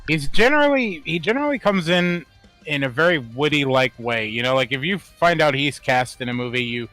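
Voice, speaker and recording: A man co-hosting a casual podcast, talking in an animated way, swearing and laughing often. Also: a little fast, faint music behind. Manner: animated, swears, laughs often, rising pitch when worked up. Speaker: podcast co-host. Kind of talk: casual chat.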